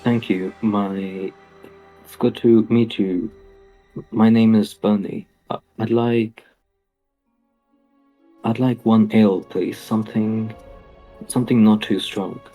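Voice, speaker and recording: A man's voice: fairly low pitch, steady tone, takes it slowly, long pauses, warm tone, soft background music, poor audio. A man playing a shy stammering hobbit. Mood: timid. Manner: hesitant, stammering, polite. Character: timid young male hobbit.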